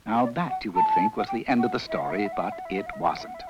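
A man narrating a children's storybook with a lively, playful telling. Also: medium pitch, moderate pace, over loud music, rough recording.

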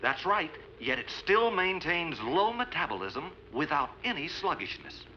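An actor playing an absent-minded lab assistant in a 1950s film, clipped and distracted. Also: male voice, on the high side, very animated, unhurried, sharp tone, slight background noise, heavily acted. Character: absent-minded male lab assistant, absorbed in his work. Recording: muffled old film soundtrack.

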